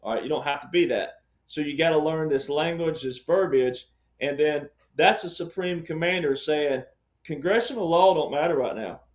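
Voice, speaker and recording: A man's voice: on the high side, normal speed, echoey room. A man speaking as a panel guest, explaining his point emphatically and repeating key ideas like a lecturer.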